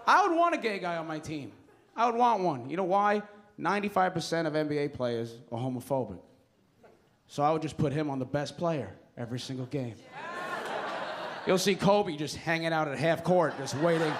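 A man's voice: a little high, lively intonation, fairly quick. A young man performing a crude, self-mocking stand-up comedy set on a club stage. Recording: live club recording with audience noise.

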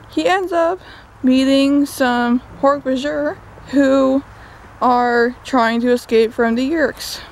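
A young woman with a slightly high voice chats through a book recap, dry and sarcastic at times. She's out walking in the woods, recorded on a phone, with faint outdoor noise behind her. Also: poor audio. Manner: chatty, sarcastic asides. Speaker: book vlogger.

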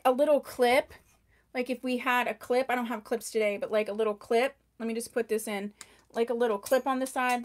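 A woman with a high voice runs a live-stream wig sale, talking into a microphone. She chats fast and gushes over each item, greets viewers by name, and tends to raise her voice. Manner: chatty, gushing over products, answering viewers by name; tends to talk loudly. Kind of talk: live-stream sales chat.

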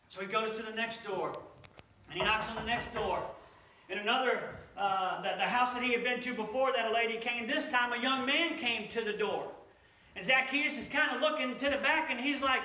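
A male pastor telling a story in a sermon, animated and repeating his words as he goes. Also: high-pitched, brisk, slight background noise. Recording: echoey church from far off.

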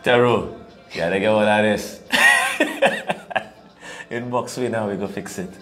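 A man's voice: lowish voice, a little fast. A man with a Trinidadian accent, co-hosting an opinionated talk show and lecturing his listeners. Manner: animated, preachy, laughs at his own points.

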